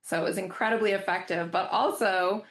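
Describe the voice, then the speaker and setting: A woman's voice: medium pitch, fairly even intonation, fairly quick, a bit bright. A woman therapist co-presenting a webinar, telling a clinical case fluently and explaining it. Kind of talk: webinar teaching.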